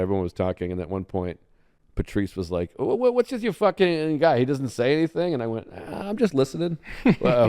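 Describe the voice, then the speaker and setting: A man's voice: low voice, darkish tone, clear, resonant tone. A man, a guest comedian, chatting eagerly on a podcast and quoting lines in character. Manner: enthusiastic, quotes lines in character. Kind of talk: casual podcast chat.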